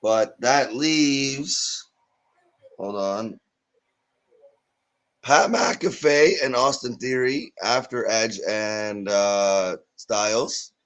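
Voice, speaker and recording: A man co-hosting a live watch party in casual chat, mostly giving short replies and quick asides. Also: mid-range voice, fairly bright tone.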